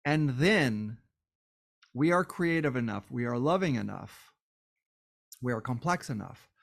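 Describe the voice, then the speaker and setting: A man's voice: mid-range voice, lively intonation, measured pace, gravelly. A man hosting a solo podcast, tired and worn down, talking with passion and repeating phrases for emphasis. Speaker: podcast host.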